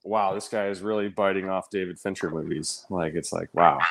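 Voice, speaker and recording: A man's voice: deep voice, steady tone, brisk, vocal fry. A man co-hosting a casual podcast, laid-back and full of "like" and "kinda". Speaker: podcast co-host.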